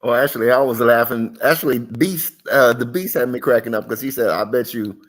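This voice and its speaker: A man, a show participant, retelling a moment quickly and with animation over a video call. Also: mid-range voice, steady tone.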